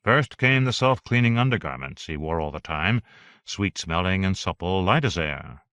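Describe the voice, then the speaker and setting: A man narrating an audiobook in a steady, even reading voice. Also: deep voice, normal speed, no echo.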